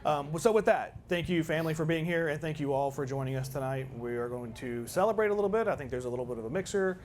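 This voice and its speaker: A soft-spoken man thanking a colleague and giving slightly halting closing remarks at an event. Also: fairly high pitch, a little hiss or hum. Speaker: company colleague. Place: event venue.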